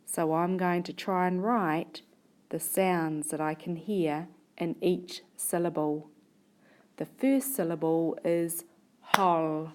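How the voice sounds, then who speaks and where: Female teacher, lowish voice, unhurried, sounds out syllables for young learners. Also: fairly even intonation, noisy background. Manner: stretches words out syllable by syllable, sounding out letters. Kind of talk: slow, deliberate classroom spelling lesson.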